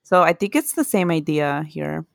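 A woman with a lowish voice talks through folk history in a relaxed podcast chat. She is earnest and laughs at herself when she trips over a word. The sound is close and dry, with no room around it. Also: moderate pace, vocal fry, dry recording. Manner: earnest, laughs at own mispronunciations. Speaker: podcast co-host. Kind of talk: casual chat, telling folklore history.

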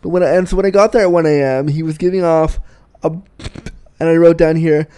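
A man's voice: on the high side, steady tone, brisk, mellow, clean tone. Profane, self-mocking Canadian man. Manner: profane, self-mocking, laughs at own jokes. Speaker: podcast host. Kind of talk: candid storytelling monologue.

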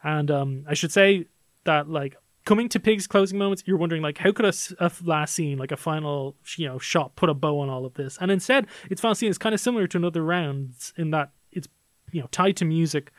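A man with a fairly high voice talks through a film he loves in a casual podcast review. He sounds enthusiastic and analytical, and his speech is peppered with "like" and "um." The recording is dry and close, with no room sound. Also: brisk, dry recording. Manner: enthusiastic, analytical, many fillers like "like" and "um".

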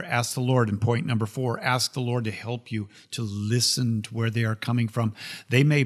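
A man hosting a show, giving an animated, casual teaching talk, laughing often and repeating phrases for emphasis. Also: medium pitch. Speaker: podcast host.

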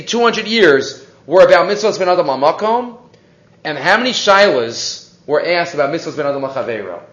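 A man's voice: sits high, fairly bright tone. A man giving a weekly Torah class, reading Hebrew sources and explaining them in English. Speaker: Torah teacher. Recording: echoey room, dull lo-fi sound.

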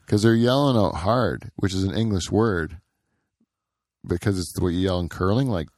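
A man's voice: low-pitched, normal speed, a little mellow, no room sound, clean studio sound. A middle-aged man co-hosting a podcast in casual chat, rambling with lots of fillers and frequent laughs. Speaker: podcast co-host.

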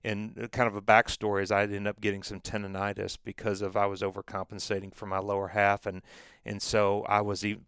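Man guest, low smooth voice, dry close sound; rambling storyteller, lots of restarts. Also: completely flat delivery, fairly quick, fairly bright tone, no room sound. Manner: rambling, frequent restarts and fillers, acts out dialogue. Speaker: former baseball pitcher, guest. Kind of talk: storytelling in a conversational interview.

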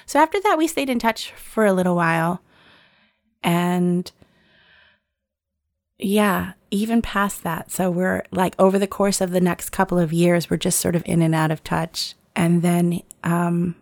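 This woman, in her forties, has a lowish voice with vocal fry, recorded in studio quality with no echo. Telling a personal story casually, she's lively, performs the quoted dialogue, and laughs a lot.

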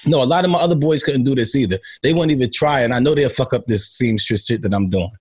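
A man co-hosting a podcast in loose, joking, profane casual chat, with a husky voice. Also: medium pitch, fast talker, a little mellow. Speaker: podcast co-host.

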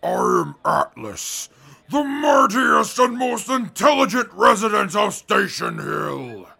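A gravelly, pompous mutant reporter. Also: male voice, medium pitch, lively intonation, takes it slowly, sharp tone, full character voice. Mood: haughty. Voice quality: gravelly, raspy. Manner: stiff formal speech, barked questions. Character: pompous mutant reporter, male, self-proclaimed genius. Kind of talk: audio drama acting.

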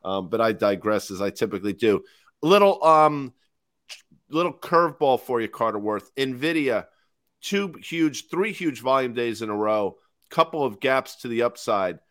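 A man's voice: medium pitch, lively intonation, moderate pace, fairly bright tone. A man co-hosting a market panel show, making joking asides and then posing questions to the others. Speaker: co-host moderating.

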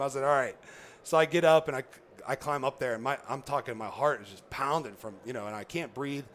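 Fast-talking man telling an excited story. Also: medium pitch. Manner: excited, laughing, acts out quoted voices. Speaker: guest, former pro football player. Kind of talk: animated storytelling.

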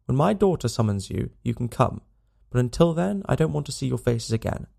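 A man's voice: medium pitch, expressive, a little fast, gravelly, dark tone. A man voicing a sturdy, protective old farmer who speaks bluntly and angrily, in a storybook reading. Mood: furious. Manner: blunt, angry.

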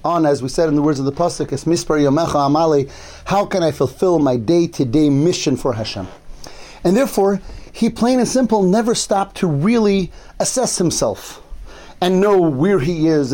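A man delivers an earnest Torah sermon in a fairly high, mellow voice. He builds each point through strings of rhetorical questions and retold stories. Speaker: rabbi giving a Torah class.

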